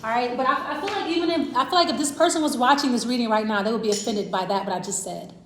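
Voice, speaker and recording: A woman's voice: fairly high pitch, fast talker, slight background noise. A woman giving a casual tarot reading to camera, rambling and repeating herself as she talks straight to the viewer. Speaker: tarot reader. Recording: roomy echo.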